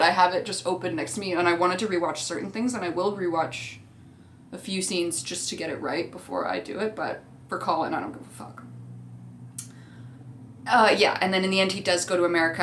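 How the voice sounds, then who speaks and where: A woman's voice: fairly low pitch, fairly bright tone, slight background noise. A young woman chatting casually as a vlogger, rambling through tangents and swearing freely. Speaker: movie rewatch vlogger. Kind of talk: casual chat.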